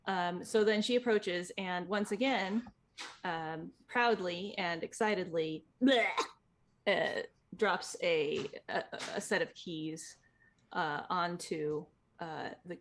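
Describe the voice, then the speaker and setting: Rambling woman describing her character. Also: fairly low pitch. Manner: rambling, hesitant with many fillers. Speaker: player. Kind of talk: describing her character's actions in a tabletop game.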